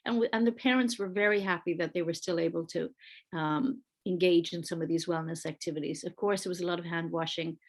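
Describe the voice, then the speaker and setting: A woman's voice: fairly low pitch, steady tone, a little fast. A woman, an early-years school leader, giving an earnest, conversational presentation with slides over a video call, with fillers and restarts. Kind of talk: online panel presentation with slides.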